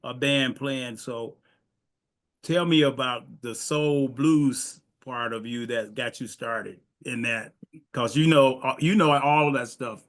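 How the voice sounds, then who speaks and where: A man's voice: medium pitch, slow pace. A man hosting a casual interview, folksy and easygoing, laughing often at his guest's stories. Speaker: podcast host.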